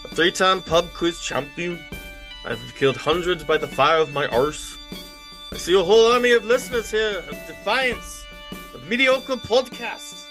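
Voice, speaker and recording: A man's voice: sits high, voice pushed up. A man doing a bellowing Scottish warlord. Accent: put-on Scottish. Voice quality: bellowing battle speech, mock-heroic. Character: rousing Scottish rebel warlord, grown man. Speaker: podcast co-host.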